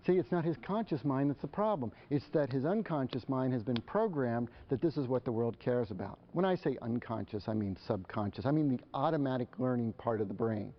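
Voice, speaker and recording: A man giving a live presentation to parents, animated and acting out the exchanges between parents and children. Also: medium pitch, brisk, hardly any pauses, a little hiss or hum. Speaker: speaker on parenting. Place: lecture hall. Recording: dull lo-fi live recording.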